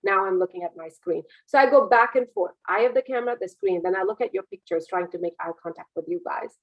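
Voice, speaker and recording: A woman speaking as a business mentor in an online webinar. Her delivery is lively and demonstrative, swinging between energetic and calm, and her voice sits mid-range for a woman. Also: mid-range voice, fast, dull audio. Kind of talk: webinar talk. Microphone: video call.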